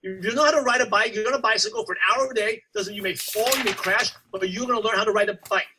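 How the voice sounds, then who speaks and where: A man giving a motivational coaching talk to a sales team, telling stories and acting out his past self with animated energy. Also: high-pitched, quick pace, slightly rough, rough recording. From United States. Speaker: network marketing coach.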